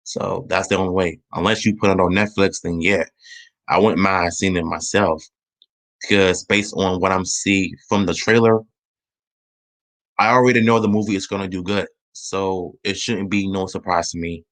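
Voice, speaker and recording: Man, casual trailer review, low voice, rambling, trips over words. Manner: rambling, restarts, says he talks fast when excited. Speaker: channel host.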